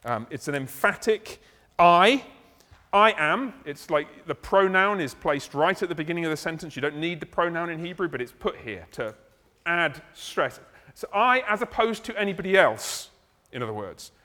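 A man delivers a teaching sermon, breaking a passage down in plain, conversational talk with casual asides. His voice sits a little high for a man. The sound carries a long reverb, as in a large hall. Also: animated, moderate pace, sharp tone. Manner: conversational, explaining, slips into acted asides. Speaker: preacher. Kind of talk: expository sermon.

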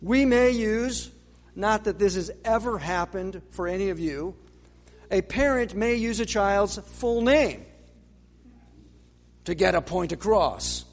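A man preaching a sermon in a measured way, with dramatic pauses and rhetorical questions. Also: sits high. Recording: long reverb of a large hall.

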